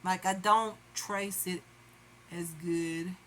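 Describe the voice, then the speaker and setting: A woman's voice: fairly low pitch, steady tone, slow, fairly bright tone, a little hiss or hum, low-quality recording. A woman chatting casually to viewers while doing her makeup. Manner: chatty, addresses viewers as y'all. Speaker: beauty vlogger. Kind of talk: casual makeup tutorial chat.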